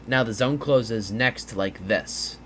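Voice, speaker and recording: A man's voice: medium pitch, takes it slowly, fairly bright tone, slight background noise. A man casually explaining gaming strategy over a map, rambling a bit with fillers and restarts, sounding tired. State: tired, yawning. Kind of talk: casual gameplay breakdown.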